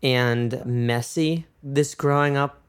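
A man's voice: mid-range voice, steady tone, slow, clean tone. A man in his twenties in casual chat, talking hesitantly and restarting his words often. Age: 20s. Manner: hesitant, repeats words, lots of fillers.

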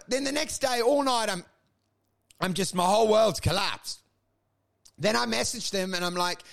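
Male comic, high gravelly voice, rambling storyteller who acts out every voice and keeps laughing. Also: normal speed, a bit bright. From Australia. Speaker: podcast co-host and stand-up comedian. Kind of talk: casual comedy podcast chat.

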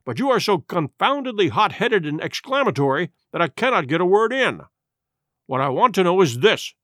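A man voicing a calm, shrewd country doctor. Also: sits high, moderate pace, no room sound, studio quality. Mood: probing.

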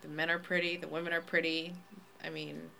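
A woman's voice: low voice, level tone, brisk, gravelly, sharp tone, slight background noise. A woman chatting casually on a podcast, blunt and playful, often laughing.

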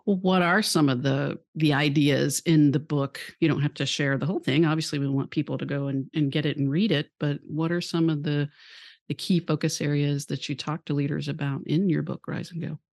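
Higher-voiced male podcast host. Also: steady tone, fairly quick, vocal fry, no echo, studio quality. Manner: conversational, prompting. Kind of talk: interview questions.

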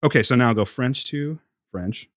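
A man's voice: medium pitch, moderate pace, fairly bright tone, no room sound, studio quality. A man co-hosting a podcast in casual banter, profane and teasing, laughing often. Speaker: podcast co-host.

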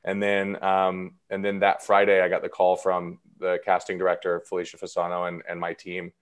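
A man's voice: deep voice, monotone, normal speed, clear, resonant tone. A man in his thirties, an actor guest talking casually and a bit self-deprecatingly in an interview. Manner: chatty and self-deprecating, many fillers.

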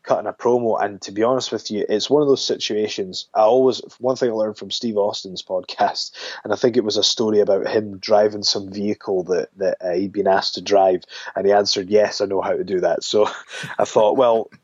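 A man being interviewed about his wrestling career, talking in a relaxed, rambling way with many restarts. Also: on the low side, brisk, breathy edge, no echo. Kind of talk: casual phone interview. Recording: dull lo-fi dry sound.

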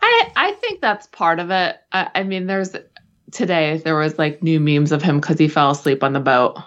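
A woman's voice: deep voice, expressive, moderate pace, fairly bright tone, highs cut off. A young woman co-hosting a podcast in casual chat, joking and trailing off mid-sentence. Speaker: podcast co-host.

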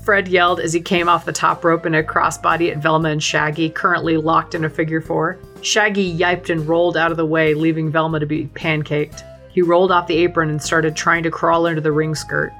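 A woman podcast host reads a comic story aloud in a low, playful voice. She laughs often as she reads. Faint music plays beneath her. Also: fairly even intonation, a little fast, few pauses, a bit bright. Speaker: podcast co-host reading fan fiction.

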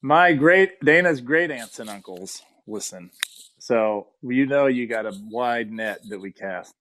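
A man's voice: mid-range voice, animated, unhurried, fairly bright tone, poor audio. A man co-hosting a podcast in casual chat, jokey and teasing, often laughing. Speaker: podcast co-host.

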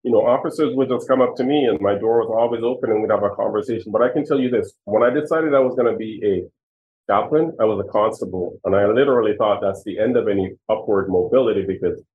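A man's voice: on the low side, quick pace. A man in his sixties, a former police chief, telling personal stories earnestly and with emotion in an interview. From Jamaica. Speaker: retired police chief, guest. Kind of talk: storytelling interview answers. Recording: tinny phone-like line.

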